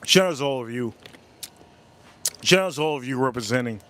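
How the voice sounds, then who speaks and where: A man from the United States hosting a casual livestream, repeating himself often and giving emotional, rapid shout-outs to his viewers. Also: medium pitch, expressive. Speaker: livestream host.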